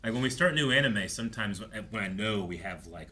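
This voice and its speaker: A man talks through a show he has just watched, rambling and laughing easily. His voice sits a little low but rings bright and clear. A faint hiss of background noise sits under him. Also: fast, few pauses. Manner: animated, rambling, laughs often. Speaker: reaction show co-host. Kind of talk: casual chat.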